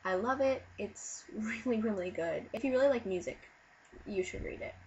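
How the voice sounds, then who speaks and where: Sick woman vlogger, mid-range voice, rambling and animated, dull webcam audio. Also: mid-range voice, normal speed, a little hiss or hum. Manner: silly, animated, with sudden loud bursts. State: sick, low on energy. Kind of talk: casual rambling storytelling to camera.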